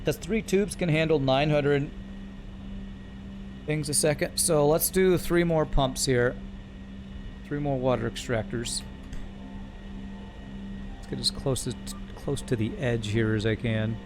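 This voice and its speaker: A man's voice: mid-range voice, steady tone, takes it slowly, long pauses, background noise. A man streaming a building game, thinking aloud and correcting himself as he works through numbers. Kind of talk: live gameplay commentary.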